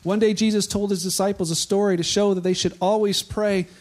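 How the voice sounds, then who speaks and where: A pastor whose voice sits fairly high delivers a relaxed, conversational sermon at a fairly quick clip. He tells the story with lots of animation, taking on the voices of its characters.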